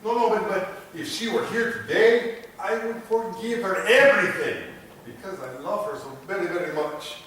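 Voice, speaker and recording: A man on stage playing an earnest Spanish gentleman with a halting Spanish accent. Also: sits high, a little hiss or hum. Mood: mournful. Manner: halting, slow, heavily accented. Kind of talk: stage comedy acting. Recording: echoey stage from far off.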